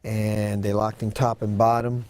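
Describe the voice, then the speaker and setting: Man telling a dramatic story, mellow voice. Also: on the low side, flat delivery, measured pace. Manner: earnest, dramatic retelling with acted-out quotes. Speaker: guest. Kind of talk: telling a personal story in an interview.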